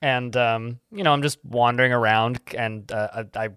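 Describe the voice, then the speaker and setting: A man in casual podcast chat about games, telling a story in a halting, wry way. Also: mid-range voice, fairly even intonation, a bit bright, clear, resonant tone, dry recording, clean studio sound. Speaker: podcast co-host.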